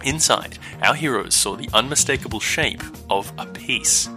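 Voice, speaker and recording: A man's voice: mid-range voice, normal speed, over music. A young man hosting a tabletop game podcast as dungeon master, joking with players and then narrating a recap.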